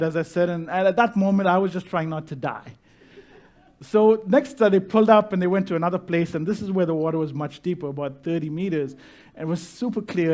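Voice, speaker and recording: A male pastor telling a personal story in a sermon, animated and laughing at himself. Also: on the high side. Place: church stage.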